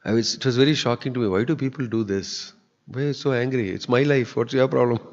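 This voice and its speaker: A man's voice: mid-range voice, fast talker, darkish tone. A man giving a sermon in a temple hall, earnest and conversational. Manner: earnest, conversational, acts out quoted people. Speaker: spiritual teacher giving a discourse. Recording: dull lo-fi audio with long hall reverb.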